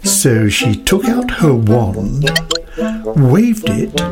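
A woman reading a children's picture book aloud with gentle, expressive storytelling. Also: a bass voice, extremely slow, over loud music. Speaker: storybook narrator.

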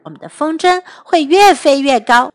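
A woman reading a children's story line by line in two languages, slow, careful and expressive. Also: high-pitched. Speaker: storyteller and English teacher. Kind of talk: bilingual storybook narration for children.

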